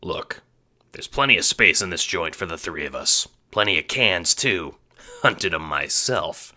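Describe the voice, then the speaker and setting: A man voicing a gruff, loud exiled male ex-lawman in a fan audio drama, blustering and brash. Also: low-pitched, lively intonation, measured pace, heavily acted.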